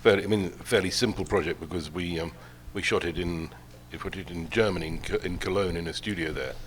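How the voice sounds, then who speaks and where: Older man with a very deep, halting voice. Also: slight background noise. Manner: halting, measured, with many fillers. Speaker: film producer. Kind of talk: panel discussion answers. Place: film festival panel stage.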